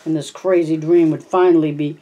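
Mellow, stumbling audiobook reader. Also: medium pitch, flat delivery, brisk, highs cut off. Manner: frequent stumbles and self-corrections. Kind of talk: reading a novel aloud.

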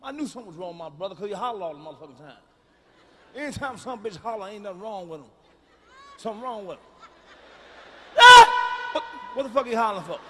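High, bright, profane stand-up comedian. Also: male voice, lively intonation, racing. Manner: profane, blunt, and booming, with shouted punchlines. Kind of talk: stand-up routine. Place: large concert venue. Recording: live stage mic in a reverberant arena.

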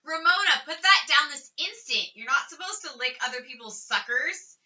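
A woman's voice: high-pitched, expressive, moderate pace, sharp tone, exaggerated voice. A woman voicing a bossy, responsible older schoolgirl who keeps scolding her little sister, in a storybook reading. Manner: scolding, prim. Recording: slightly distant, dull lo-fi recording.

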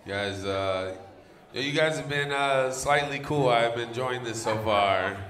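Crude comedy guy roasting the crowd, bright edgy voice, echoey club mic. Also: medium pitch, unhurried. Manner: crude, brash, bursts into loud teasing. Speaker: stand-up comedian. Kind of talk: live stand-up with crowd work. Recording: echoey live club room.

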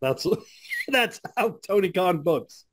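A man's voice: high-pitched, very animated, slow pace, fairly bright tone, a little hiss or hum. A man co-hosting a casual podcast chat, rambling and joking with frequent restarts. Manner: rambling, self-interrupting and joking. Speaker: podcast co-host.

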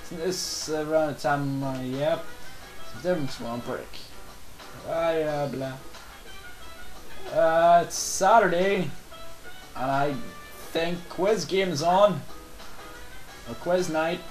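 A man's voice: fairly high pitch, takes it slowly, pauses often, roomy sound, faint music behind, low-quality recording. Man, chatty gamer. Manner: reads game dialogue aloud, rambling and joking. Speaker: let's play host. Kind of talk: casual gameplay commentary.

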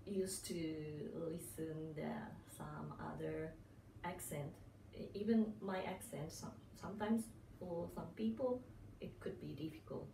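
Slow-talking Japanese-accented woman. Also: on the low side, dark tone, reverberant, distant mic, a little hiss or hum, poor audio. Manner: unhurried, many pauses and fillers, frequent laughs. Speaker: channel host. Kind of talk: casual storytelling vlog.

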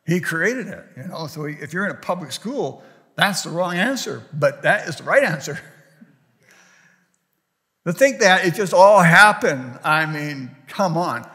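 Folksy pastor with bright hall reverb. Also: male voice, on the high side, animated, a little slow. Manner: folksy, rambling storytelling with many fillers. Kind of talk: sermon. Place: church sanctuary.

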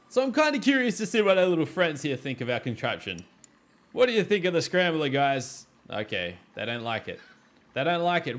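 A man narrates his gameplay in a high voice that leaps all over the place. He talks loudly and exclaims constantly, cheering, groaning and yelling at the game as he plays. It is casual let's-play commentary. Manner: loud, exclaiming, often shouting and laughing at the game. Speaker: gaming video creator.

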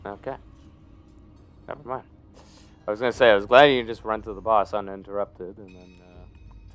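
A man giving gameplay commentary, muttering in frustration and mocking himself, sleepy. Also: lowish voice. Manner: self-deprecating, frustrated muttering. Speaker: gamer.

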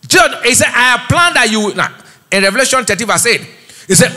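In a church auditorium, a middle-aged Nigerian man delivers a call-and-response sermon as pastor, pausing for the congregation to fill in his words. He speaks fairly fast in an extremely high, sharp, animated voice.

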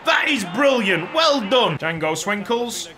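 A young man commentating his football video game, cheering and shouting at each goal. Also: sits high, very animated, measured pace. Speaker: gaming YouTuber.

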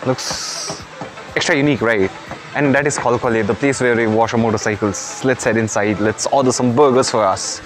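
A man's voice: mid-range voice, normal speed, music in the background. A young man vlogging casually in a cafe. He chats easily, tosses in Nepali and Hindi words and keeps saying bro. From Kalimpong, India. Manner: chatty, mixes in Nepali and Hindi words, says bro a lot. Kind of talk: casual vlog talk. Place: cafe, outdoors and inside.

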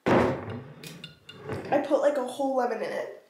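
A woman's voice: high voice, animated, takes it slowly, heavy background noise. A young woman vlogging casually at home, talking to a handheld camera in a rambling, self-deprecating, anxious way. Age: young adult. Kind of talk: casual vlog chat. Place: home, indoors.

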